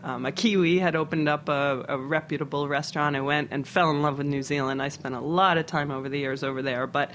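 A man's voice: a little high, fast, few pauses, slight background noise. A middle-aged man from Philadelphia, a chef telling stories in an interview with lots of fillers and restarts. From Philadelphia, United States. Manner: rambling and animated, with many restarts and fillers. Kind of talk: casual storytelling interview.

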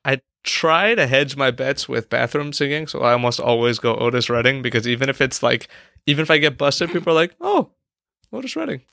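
A man hosting a casual podcast, teasing his co-hosts in a quick, playful way. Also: medium pitch, bright, forceful tone, dry recording, clean studio sound. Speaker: podcast host. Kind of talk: casual chat.

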